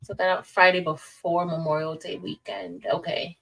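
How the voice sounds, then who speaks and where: A woman's voice: on the low side, little pitch movement, moderate pace, vocal fry, fairly bright tone, recorded from a distance, rough recording. A woman teacher hosting a casual livestream, chatting with viewers, reading the chat aloud and calling them y'all.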